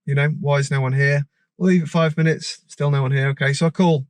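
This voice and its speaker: A man, a driving instructor, telling a story in a rambling, animated way with many restarts. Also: fairly high pitch, fast talker, no echo. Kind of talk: casual storytelling vlog. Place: outdoors by a parked car.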